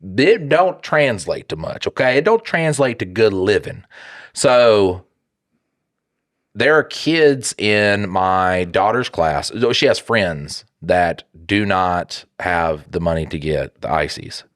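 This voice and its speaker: A man in his thirties co-hosting a podcast, telling stories in a casual, profane, animated way. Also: deep voice, slow pace, no room sound, studio quality. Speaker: podcast co-host.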